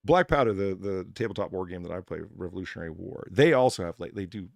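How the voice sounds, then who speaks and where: A man hosting a casual chat, animated and laughing, with frequent restarts. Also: sits low, fast talker, gravelly, no echo. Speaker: host.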